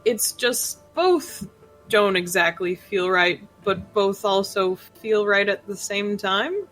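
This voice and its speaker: A woman's voice: medium pitch, expressive, slow pace, a bit bright, soft background music, low-quality recording. A woman playing a tabletop game, narrating her character casually and laughing often. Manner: laughs often, rambling with fillers. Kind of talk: casual role-play narration.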